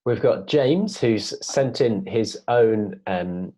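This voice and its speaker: A man co-presenting a children's writing lesson in a relaxed, encouraging way, with hesitations. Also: fairly low pitch, takes it slowly. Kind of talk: classroom lesson video.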